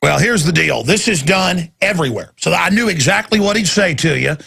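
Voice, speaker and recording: A man hosting a call-in radio talk show, ranting fiercely and breaking into shouts. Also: sits high, expressive, fairly quick. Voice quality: gravelly, husky. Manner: fiery, ranting, bursts into shouting.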